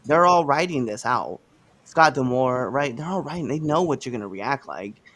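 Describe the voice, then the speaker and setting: A man hosting a live podcast, ranting in a casual, animated way with slangy asides. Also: medium pitch, normal speed, a little hiss or hum. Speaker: podcast host.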